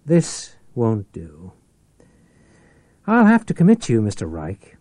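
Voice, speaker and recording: A man's voice: mid-range voice, big pitch swings, measured pace, dark tone, no room sound. A man doing Tate, a cold wary mind reader.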